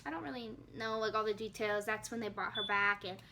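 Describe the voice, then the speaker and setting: A woman's voice: medium pitch, fairly quick, slight background noise. A young woman casually telling the story of giving birth, candid and chatty, swearing freely and acting out her own reactions. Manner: animated, acts out her own quoted reactions.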